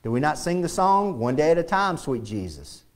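A pastor preaching a sermon in a church, swinging between loud and hushed delivery and often repeating phrases. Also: male voice, fairly high pitch, big pitch swings, normal speed. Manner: repeats phrases and restarts lines. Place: church sanctuary.

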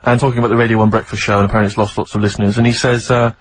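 A man's voice: lowish voice, flat delivery, racing, a little hiss or hum. A man co-hosting a radio show in casual banter, with a dry, teasing manner. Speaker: radio co-host.

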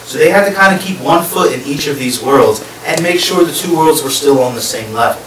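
Speaking fairly quickly in a slightly high, animated, somewhat bright voice, a male guest lecturer presents a public history talk to a live audience. He lays out his explanation in steps and throws questions to the crowd. The mic sits far off in an echoing space, with a faint hiss underneath.

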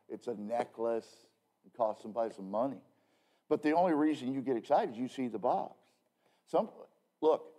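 A man's voice: medium pitch, dark tone. A man who is a pastor, preaching a casual evening sermon in a joking, rambling way, with emphatic bursts and frequent restarts. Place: church.

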